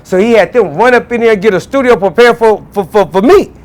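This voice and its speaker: High-voiced man telling a story. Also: fairly quick. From Los Angeles, USA. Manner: acts out quoted voices with big jumps up in pitch; loose street slang, frequent restarts. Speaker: interview guest. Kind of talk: animated storytelling.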